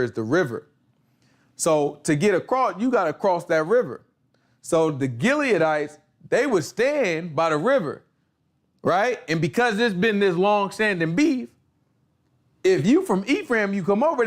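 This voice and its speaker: A man leads a relaxed Bible study, breaking down a passage in loose, slangy speech. He is animated and now and then acts out street-style exchanges. His voice sits a little on the high side. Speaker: Bible teacher. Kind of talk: casual Bible study explanation.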